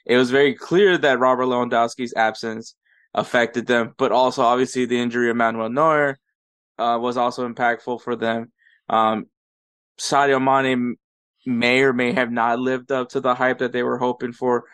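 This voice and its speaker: A man hosting a sports podcast, recapping league results in a measured, methodical way. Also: mid-range voice, flat delivery, a bit bright, clear, resonant tone, no room sound. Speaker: podcast host.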